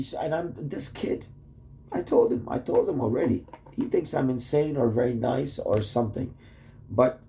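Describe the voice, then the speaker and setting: A man talks straight to camera in a loose, wandering video message to his wife. His voice sits at an ordinary middle pitch with a dark, mellow tone. He swears freely and keeps breaking off into "like" and half-finished thoughts. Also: gravelly. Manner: rambling, profane, full of "like" and restarts. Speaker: vlogger addressing his wife. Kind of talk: rambling casual video message.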